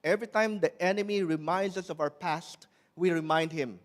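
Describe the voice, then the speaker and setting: Earnest male preacher, slightly raised pitch, slows for scripture and sometimes restarts words. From Malaysia. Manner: earnest preaching, slowing and pressing on scripture quotes. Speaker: pastor. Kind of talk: sermon.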